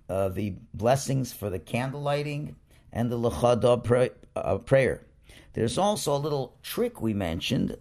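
Guy teaching a reading class real slow, patient, sounds out every syllable, normal pitch. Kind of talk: slow explanatory lesson.

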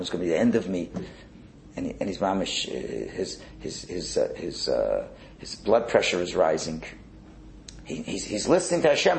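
This is a man with a low voice and gravel in it, teaching in an echoey room with a faint hiss behind him. He tells stories with lively energy and acts out the characters he describes. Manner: animated storytelling, acting out characters. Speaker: religious teacher. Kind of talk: Torah lecture.

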